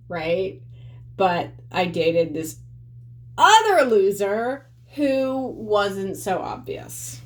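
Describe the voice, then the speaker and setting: A young woman talking straight to camera in a candid vlog, blunt and full of swearing, with a fairly low voice. She speaks casually, calling her viewers y'all. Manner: blunt, profane, conversational, addressing viewers as y'all. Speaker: vlogger.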